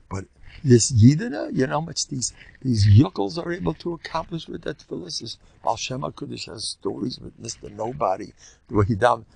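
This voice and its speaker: A man's voice: mid-range voice, dry recording. An older man, a rabbi, giving a Torah class in a storytelling style, jumping between stories and acting out the people he quotes. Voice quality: gravelly, husky. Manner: animated, acts out quoted speakers, jumps between stories.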